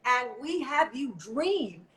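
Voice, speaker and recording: A woman's voice: high-pitched, big pitch swings, takes it slowly, a bit bright, low-quality recording. A woman life coach talking animatedly in a casual live-stream conversation.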